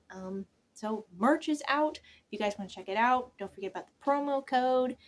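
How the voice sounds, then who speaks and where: Talking to her viewers in a casual chat to camera, this young channel creator rambles, loses her thread and restarts, frequently sinking to a near whisper. Her voice is on the high side, and there's a slight hiss or hum.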